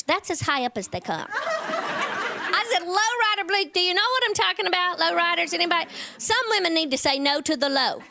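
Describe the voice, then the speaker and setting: High-voiced woman comedian, punchy. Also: vocal fry. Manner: self-mocking, punchy comic timing. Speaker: stand-up comedian, guest. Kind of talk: stand-up comedy routine then interview chat. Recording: background noise under the voice.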